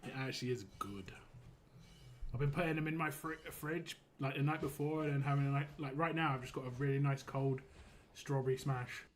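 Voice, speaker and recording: A man's voice: medium pitch, a little fast, slight background noise. A young man chatting casually and rambling while he streams a mobile game, laughing easily as he talks. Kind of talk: casual live-stream chat.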